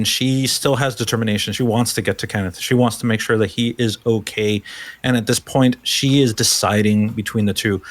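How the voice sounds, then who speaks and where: Low-voiced man running a tabletop game. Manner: steady descriptive narration. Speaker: game master.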